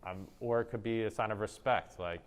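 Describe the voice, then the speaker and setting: A man leads an improv workshop for teachers, explaining lessons in a conversational way. His voice sits low and comes across smooth and clear. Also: brisk. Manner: conversational, demonstrates tones of voice.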